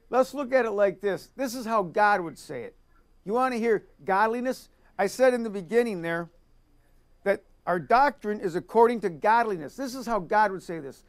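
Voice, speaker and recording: A man's voice: high voice, animated, moderate pace. A man preaching a sermon, reading scripture aloud and repeating key lines for emphasis.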